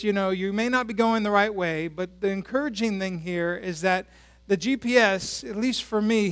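A male pastor preaching a sermon at a church service in a conversational way, asking the congregation questions. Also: high voice.

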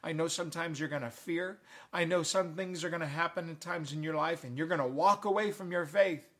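A man preaching voices Jesus, a gentle grown man speaking in a tender, reassuring way. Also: fairly high pitch, a little fast.

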